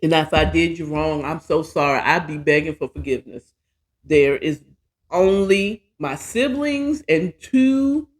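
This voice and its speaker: A woman hosting her own show, telling a personal story in a casual, candid and profane monologue, often poking fun at herself. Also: lowish voice. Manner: candid, profane, chatty and self-mocking. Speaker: podcast host.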